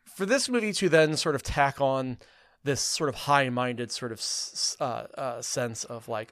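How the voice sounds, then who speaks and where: A man talking casually about a movie, rambling with lots of restarts and fillers, getting animated as he argues. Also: medium pitch, measured pace, no room sound. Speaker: film podcast co-host. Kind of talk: casual film review chat.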